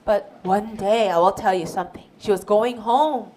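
A woman's voice: medium pitch, moderate pace, a little hiss or hum. A woman telling a Bible story to a group of children, asking them questions and acting out the characters. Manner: expressive, asks children questions, acts out voices.

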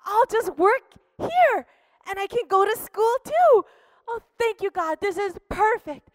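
An earnest young student, pious and worried, pleads and sighs as he talks himself through his troubles, played by a woman. The voice is very high and slow, recorded close and dry. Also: big pitch swings, no echo, heavily acted. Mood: pleading.

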